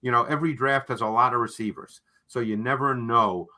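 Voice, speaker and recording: A man with a bright, forceful voice co-hosts a football analysis show. He explains players in an emphatic, teacherly way and keeps tagging his points with a quick "okay?". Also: mid-range voice, fairly even intonation. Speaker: football film analyst, co-host. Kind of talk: analytical sports discussion.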